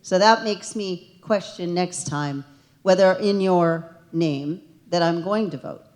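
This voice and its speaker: Woman, lowish voice, state rep addressing a town hall; earnest, emotional, builds to emphatic points. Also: takes it slowly, a little mellow. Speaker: state representative. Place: township meeting hall.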